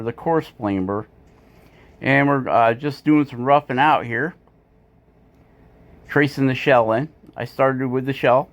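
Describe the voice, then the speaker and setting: A man hosting his woodcarving channel, talking casually in a rambling, self-mocking voiceover with many fillers. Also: mid-range voice. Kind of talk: casual voiceover while carving. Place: home woodworking shop.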